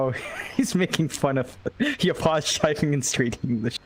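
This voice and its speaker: A man's voice: fairly high pitch, animated, normal speed. Chatty, laughing Filipino man caster. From Philippines. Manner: chatty and self-mocking, laughing often. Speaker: esports caster. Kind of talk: casual chat between casters on a live stream.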